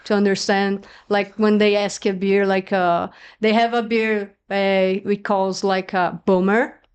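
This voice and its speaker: A woman's voice: medium pitch, flat delivery, a little slow, smooth, highs cut off. A woman whose first language is Portuguese, a podcast guest talking casually in English, hesitant, with many fillers and restarts.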